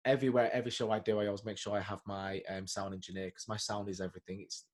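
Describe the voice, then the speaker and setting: A man, a guest chatting casually over a video call and telling animated stories. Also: lowish voice, very fast. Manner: chatty, animated storyteller, lots of fillers and restarts. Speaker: guest, singer and actor. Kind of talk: casual interview chat.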